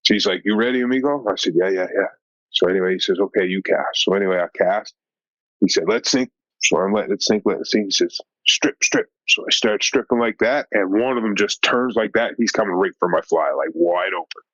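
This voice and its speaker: A man who works as a fishing guide, telling a story in a casual podcast chat. He is animated and acts out the dialogue, with a lot of "like" and "right?". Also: sits low, fast talker, no echo. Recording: dull lo-fi dry sound.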